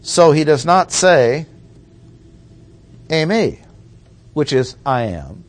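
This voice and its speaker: Slow, deliberate male preacher. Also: on the high side, big pitch swings. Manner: slow, deliberate, explanatory, with rhetorical questions. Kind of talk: sermon teaching on Bible language.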